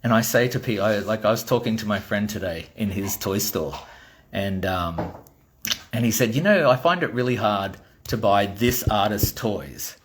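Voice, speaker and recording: A man's voice: fairly low pitch, moderate pace, slight background noise. A middle-aged Australian man, a toy designer, giving a blunt, exasperated ranting monologue and swearing freely.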